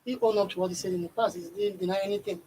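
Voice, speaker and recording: A man commenting on politics in a studio discussion, relaxed and brushing off concern. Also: high-pitched, racing, slight background noise, rough recording.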